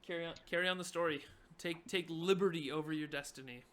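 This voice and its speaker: A man's voice: fairly high pitch, fast, a crowd in the background. A man running a tabletop game as dungeon master, narrating in a laid-back way and laughing often.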